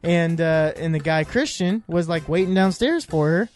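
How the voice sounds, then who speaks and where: A man's voice: fairly high pitch, normal speed, darkish tone, soft background music. A man hosting a casual recap chat, rambling and joking with many fillers and restarts. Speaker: podcast host.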